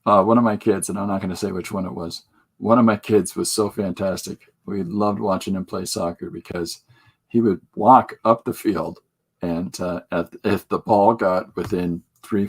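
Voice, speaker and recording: A man's voice: sits low, slightly rough. A middle-aged man hosting a podcast in casual chat, rambling with many fillers and chuckling as he talks. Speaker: podcast host.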